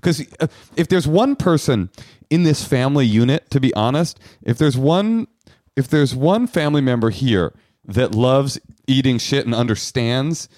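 A man's voice: mid-range voice, animated, normal speed, darkish tone, dry recording, clean studio sound. A man co-hosting a podcast, chatting casually in a rambling, joking, crude way. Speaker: podcast co-host. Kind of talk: casual chat.

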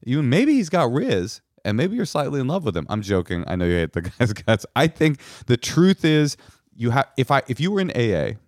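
Male co-host, blunt and emphatic, mid pitch, dry studio sound. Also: huge pitch swings, fairly quick, a little mellow, no echo. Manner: blunt, emphatic, swears freely. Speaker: podcast co-host giving advice. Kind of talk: casual advice chat.

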